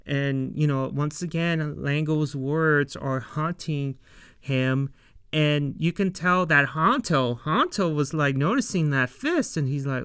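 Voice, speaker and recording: A man talks through an episode recap in an unhurried, rambling way, leaning on fillers as he retells each scene. His voice sits a bit high and comes across very smooth and clear. The sound is dry and close, with no room around it. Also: fairly bright tone, no room sound. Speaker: show reviewer. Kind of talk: casual recap and commentary.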